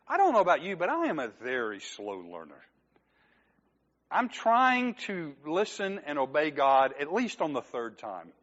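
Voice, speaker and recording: A man's voice: fairly high pitch, huge pitch swings, a little slow, a bit bright, muffled recording. A man preaching a sermon as pastor, talking conversationally, joking with the congregation and acting out quoted lines.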